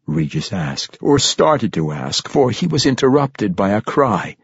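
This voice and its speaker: A man reading a fantasy audiobook in a measured, dramatic storytelling manner. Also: medium pitch, sing-song, breathy edge, no room sound, muffled recording. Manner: measured, dramatic storytelling that lifts for tense moments. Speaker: audiobook narrator. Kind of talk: scripted fantasy audiobook narration.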